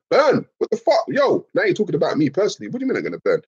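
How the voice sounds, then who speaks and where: Animated, swearing man ranting to his chat. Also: high-pitched, rapid-fire, husky, muffled recording. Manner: animated, swearing, repeating points. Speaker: streamer talking to chat. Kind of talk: casual profane rant.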